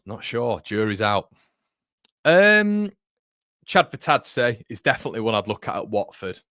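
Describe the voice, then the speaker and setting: In a sing-song, unhurried manner, a young fan channel host from North East England gives live watchalong commentary on football, his mid-range voice a bit bright. He's blokey and chatty, full of "mate" and "um," with clean studio sound and no room sound.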